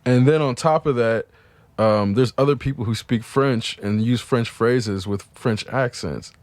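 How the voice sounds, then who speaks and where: A man's voice: medium pitch, unhurried, no room sound. A man co-hosting a casual podcast chat, opinionated and argumentative, swearing casually as he picks apart details. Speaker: podcast co-host.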